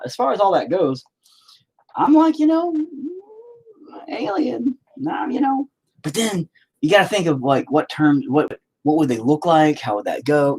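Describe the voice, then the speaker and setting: A man's voice: medium pitch, a little mellow, breathy edge, poor audio. A man talking casually to the camera in a joking, profane, sidetracked monologue while he paints. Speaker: video creator.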